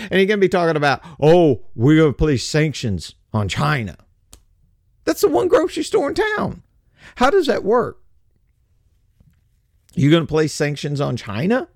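A man's voice: mid-range voice, darkish tone, no room sound, clean studio sound. A man giving a casual, sarcastic political rant and mocking others' voices. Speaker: political commentator. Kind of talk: casual opinion monologue.

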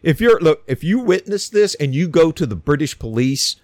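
A man's voice: on the high side, very animated, moderate pace, darkish tone, no room sound. Sarcastic man ranting. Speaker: podcast host. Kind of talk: opinionated news commentary.

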